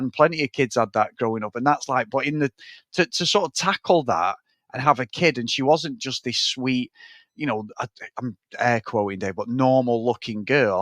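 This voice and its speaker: A man co-hosting a casual film-review podcast, animated and sweary, acting out lines from the movie. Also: mid-range voice, no echo. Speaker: podcast co-host.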